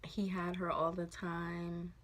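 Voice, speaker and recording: A woman in her twenties tells a personal story in a casual vlog, speaking softly and haltingly with many fillers. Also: on the low side, completely flat delivery. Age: 20s. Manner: soft, halting, full of fillers. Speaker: vlogger.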